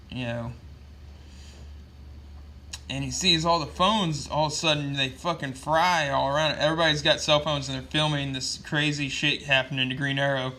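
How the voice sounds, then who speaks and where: A man's voice: on the high side, sharp tone, a little hiss or hum. A man casually recapping a comic book issue with loose, profane storytelling and lots of fillers.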